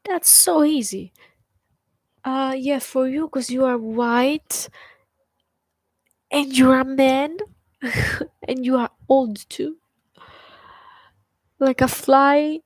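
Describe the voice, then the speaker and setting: Young woman, podcast host; slow, blunt, scornful rant full of swearing and repeated lines, higher voice, dry close sound. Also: steady tone, no room sound, poor audio. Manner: blunt, profane and scornful, with emphatic repetition. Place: bedroom with an open window.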